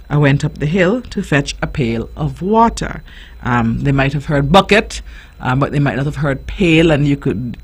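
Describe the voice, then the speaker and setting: A woman hosting an informational radio show for parents, speaking earnestly and explaining things with frequent ums and restarts. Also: sits low. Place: radio studio.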